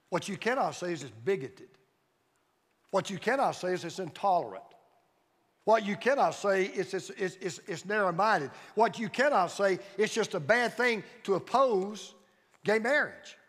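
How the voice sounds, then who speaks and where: A male pastor delivers a sermon in a fairly high voice, driving his points home through emphatic repeated phrases. His voice rings out with a long hall reverb around it. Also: fairly bright tone. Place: church sanctuary.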